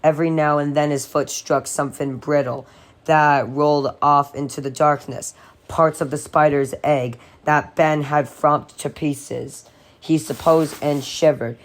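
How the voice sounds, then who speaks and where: A man narrating a horror novel aloud in a steady, dramatic reading. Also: fairly high pitch. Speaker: audiobook reader.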